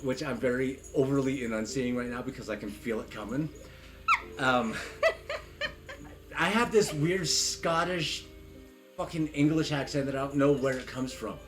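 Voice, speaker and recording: Guy from arizona rambling on stream, mid-pitched voice, keeps going off on tangents, game music loud behind. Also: normal speed, long pauses, poor audio. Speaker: streamer's co-host partner. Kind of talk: casual live-stream chat.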